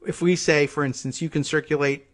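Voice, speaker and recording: Guy doing a solo political commentary show, a bit high voiced, sighs and thinks out loud. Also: fairly even intonation, a little fast. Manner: exasperated, thinking aloud. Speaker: host.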